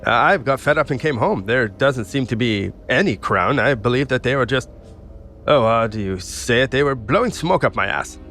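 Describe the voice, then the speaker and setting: A man voicing a crude, bigoted English gentleman collector with a put-on English accent, haughty and profane. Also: medium pitch, lively intonation, moderate pace, faint music behind, natural voice. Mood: indignant.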